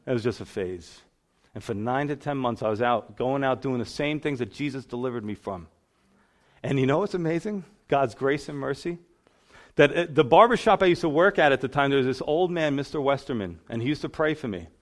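This is a pastor giving a sermon testimony, his voice medium in pitch, animated and a little fast. He tells his story in storytelling fashion, acting out the voices of the people he quotes.

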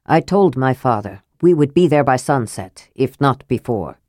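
A woman's voice: very deep voice, expressive, normal speed, darkish tone, dry recording, clean studio sound, pitched below the performer's own voice. A woman voicing an impatient, haughty young man in an audiobook, speaking coldly and stiffly. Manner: cold and stiff. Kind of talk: audiobook character voice.

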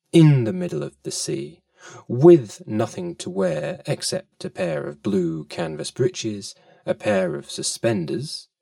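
Slow, gravelly man reading a storybook. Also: medium pitch, darkish tone, no echo, clean studio sound, recorded from a distance. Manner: playful, lilting delivery with asides to the listener.

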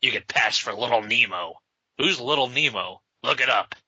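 A man reading aloud and voicing a gruff, contemptuous grown vigilante with curt, scornful lines. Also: medium pitch, lively intonation, normal speed, sharp tone, no echo, heavily acted. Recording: slightly dull lo-fi sound.

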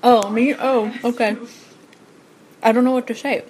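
A woman co-hosting a casual podcast, rambling and halting as she talks about a TV show, laughing often. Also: on the high side, steady tone, a little mellow, a little hiss or hum, poor audio. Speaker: podcast co-host. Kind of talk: casual chat recap of a TV show.

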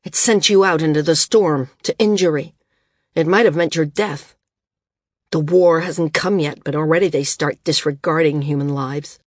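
A grave, gentle male healer lays out hard news in a calm, measured way, as a woman voices him in an audiobook. The voice sits low and husky. The recording is close and dry. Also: no room sound. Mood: bitter. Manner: calm, measured and bitter at times.

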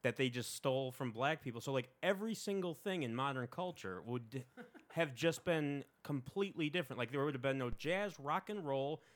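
A man's voice: medium pitch, animated, normal speed. A man co-hosting a casual podcast, making blunt jokes and trailing into laughs.

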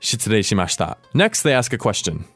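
A man's voice: on the low side, sing-song, fast talker, fairly bright tone, faint music behind. A man hosting a podcast language lesson, patiently explaining a dialogue step by step. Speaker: language teacher host.

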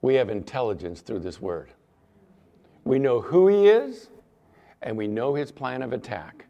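An older man delivers a sermon with a gravelly voice that rises and falls a lot. His slightly high pitch suits the story-driven preaching. The recording sounds dull and lo-fi. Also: big pitch swings, unhurried. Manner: storytelling preacher acting out dialogue. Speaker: pastor.

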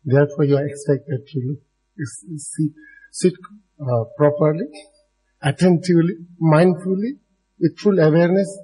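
A man's voice: on the high side, normal speed, warm tone, breathy edge, low-quality recording. A man giving a dharma talk to a live audience in non-native, broken English, speaking directly to his listeners and chuckling often. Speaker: Buddhist dharma teacher.

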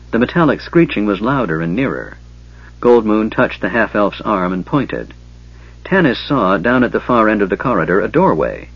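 A man reading a fantasy novel aloud in steady, scripted narration. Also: fairly low pitch, husky. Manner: steady, even storytelling. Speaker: audiobook narrator. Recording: dull lo-fi recording.

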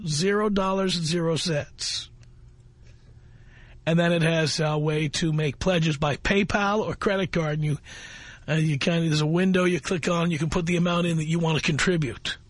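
A man's voice: high voice, no room sound. A man hosting a talk radio show, reading a listener's message aloud and mocking it with sarcastic scolding.

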